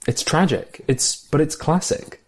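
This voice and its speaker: A man's voice: fairly high pitch, a little slow. A man chatting casually about a favourite film, enthusiastic and reflective. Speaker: film podcast co-host.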